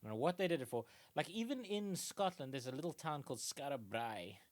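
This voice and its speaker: A man's voice: fairly high pitch, lively intonation, a little fast. A man co-hosting a comedy trivia podcast, rambling with many fillers and laughing often. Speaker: podcast co-host. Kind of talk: casual comedic chat.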